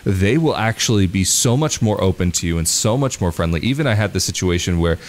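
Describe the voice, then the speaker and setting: A man's voice: low-pitched, expressive, a little fast. A man from the United States hosting a casual interview, chatty and laughing at his own stories. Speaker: podcast host.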